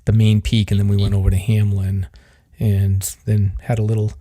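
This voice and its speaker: Dark husky gravelly man hosting. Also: on the low side, level tone, moderate pace. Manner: chatty, rambling with fillers. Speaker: podcast host, search and rescue volunteer. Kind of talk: casual podcast interview.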